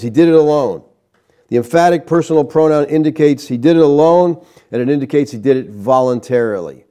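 Mellow-voiced man preaching a sermon. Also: mid-range voice. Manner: measured teaching delivery, reading scripture aloud with emphatic stresses. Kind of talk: expository sermon.

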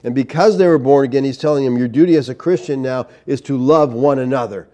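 A man's voice: mid-range voice, fast, mellow, roomy sound. A man leading a Bible study as pastor, plain-spoken and conversational, often checking in with the group. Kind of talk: teaching sermon with group discussion.

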